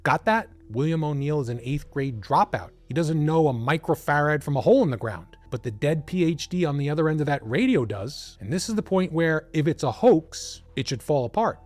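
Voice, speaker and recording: A man's voice: on the high side, animated, brisk, few pauses, darkish tone, no echo. Dramatic male documentary narrator. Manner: dramatic storytelling, with asides to the listener.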